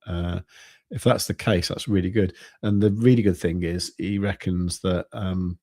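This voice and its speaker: Low-voiced man rambling casually. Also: fairly even intonation, warm tone, no room sound, clean studio sound. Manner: rambling, halting, with many restarts and fillers. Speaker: crypto trading channel host. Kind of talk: casual live-stream chat.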